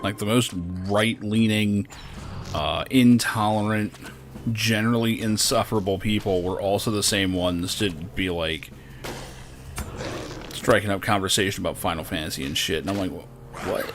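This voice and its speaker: A man's voice: fairly low pitch, steady tone, moderate pace. A young man giving casual, rambling commentary while playing a game, swearing and laughing often. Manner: rambling, profane, laughs a lot. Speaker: streamer. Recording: game music behind the voice.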